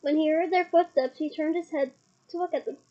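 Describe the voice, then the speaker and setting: A woman's voice: high-pitched, steady tone, fairly quick, highs cut off. A woman from Scotland reading a novel aloud chapter by chapter, with chatty asides between passages. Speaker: book reader.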